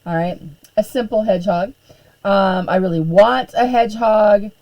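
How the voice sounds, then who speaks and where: Hoarse, chatty woman with a low-key tone. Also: dark tone, rough recording. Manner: chatty, frequent throat clearing and fillers. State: losing her voice, hoarse. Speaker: art teacher hosting a live stream. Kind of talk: casual live-stream chat.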